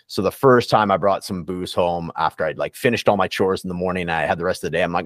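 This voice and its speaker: A man's voice: low-pitched, fast talker, hardly any pauses, dry recording, studio quality. A man talking candidly and reflectively in a casual podcast interview, with many fillers and restarts. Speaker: recovery coach guest.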